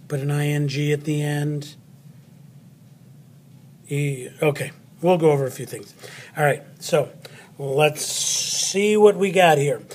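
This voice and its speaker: Slow, playful male spelling teacher. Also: a little high, a little hiss or hum. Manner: upbeat, talks while cutting and gluing; chatty, playful asides. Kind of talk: spelling lesson walkthrough.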